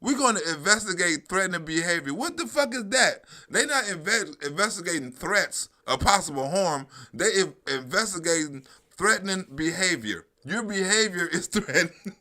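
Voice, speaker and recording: A man's voice: sits high, expressive, normal speed, pushed and bright. A middle-aged man from New York giving profane, mocking live-stream commentary on news clips, laughing and swearing constantly.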